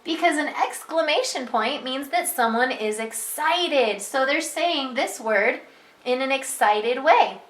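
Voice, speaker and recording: A woman teaching a reading lesson to preschoolers, patient and sing-song, bursting into excited exclamations when she reads. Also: high voice, takes it slowly, reverberant. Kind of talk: reading lesson for young children.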